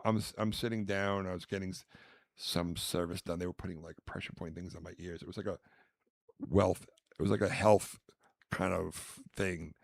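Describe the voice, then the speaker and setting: A man with a gravelly, fairly low voice tells an animated, profane comic story in casual podcast banter. The sound is dry and close. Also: no room sound. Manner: storytelling, animated, swears freely, does mock posh voices. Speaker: podcast host. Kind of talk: casual comedic chat.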